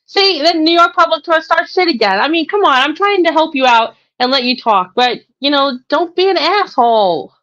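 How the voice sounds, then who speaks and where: A woman's voice: sits high, expressive, normal speed, few pauses, a bit bright. A woman co-hosting a live stream in casual chat, laughing often and speaking bluntly. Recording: dull lo-fi audio.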